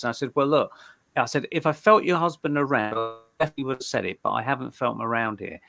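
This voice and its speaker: A man's voice: mid-range voice, lively intonation, quick pace, creaky, a bit bright. A man, a guest medium, chatting in a live interview, telling stories loosely and often repeating words as he starts a sentence. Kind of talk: casual storytelling in a live interview.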